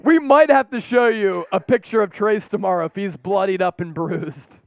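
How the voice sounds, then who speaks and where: A man hosting a rowdy live-stream watch party, calling plays in an excitable, laughing, casual manner. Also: high voice, moderate pace, no echo, soft background music. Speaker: host.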